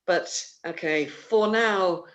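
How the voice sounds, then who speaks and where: A man's voice: high voice, takes it slowly, fairly bright tone. A man hosting an online theatre livestream, chatty and rambling, with many fillers and restarts, talking over a video call. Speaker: theatre company host. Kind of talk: casual livestream announcements.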